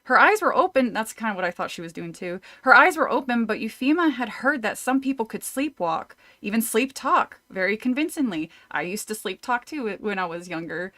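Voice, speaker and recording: A woman's voice: medium pitch, lively intonation, a little fast, few pauses, a bit bright. A woman streamer reading a horror novel aloud, often breaking off to chat, laugh and swear casually. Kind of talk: casual read-through with chat.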